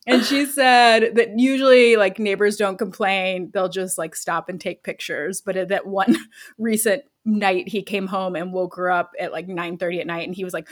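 A woman's voice: mid-range voice, normal speed. Laughing woman telling a funny story. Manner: laughs often while telling a story, animated quoted voices. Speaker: podcast co-host. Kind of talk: casual storytelling chat.

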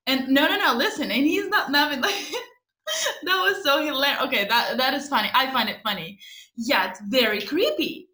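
A young woman telling a story on a podcast. Her voice sits a little high and sounds strikingly bright and sharp. She is animated, curses freely and laughs often, and the room around her is echoey. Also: a little fast. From Ukraine. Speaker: podcast co-host. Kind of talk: casual storytelling chat.

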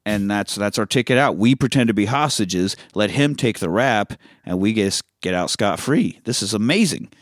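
Animated man recapping a film. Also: on the low side, normal speed, few pauses, dry recording, studio quality. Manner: animated retelling, swears freely. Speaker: podcast host. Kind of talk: casual film-recap chat.

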